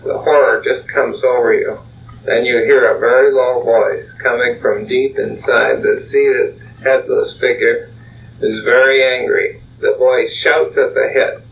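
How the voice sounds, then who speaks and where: An older man, a clinical psychologist, calmly leading a guided imagery session in slow second-person narration on an old tape recording with a distant mic. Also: medium pitch, gravelly, highs cut off, a little hiss or hum.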